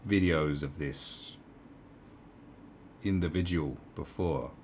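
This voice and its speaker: Low-voiced sarcastic commentator. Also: male voice, slow, background noise. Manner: rambling, sarcastic, many fillers. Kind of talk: casual opinion commentary.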